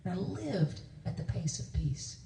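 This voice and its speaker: Lively woman preaching in an echoey church. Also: on the low side, measured pace, vocal fry, far from the mic, slight background noise. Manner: animated storytelling with laughs and quoted voices. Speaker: guest minister. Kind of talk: conversational sermon. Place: church sanctuary.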